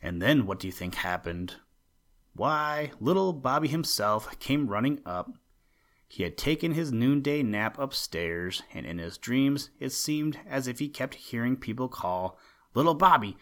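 A man hosting a podcast, reading a children's story aloud in a gentle, measured storytelling manner. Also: fairly low pitch. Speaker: podcast host and story reader. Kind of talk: storybook read-aloud narration.

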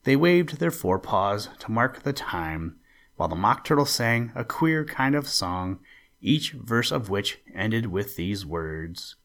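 Slow, low-voiced male storyteller. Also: very animated, a bit bright. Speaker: storyteller host. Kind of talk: storybook read-aloud.

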